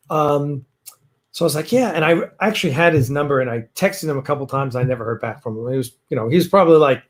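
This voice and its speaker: Male host, loose rambling delivery, somewhat higher pitch. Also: a little fast. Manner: rambling, many fillers and restarts. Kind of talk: casual livestream chat. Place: home, fireworks outside.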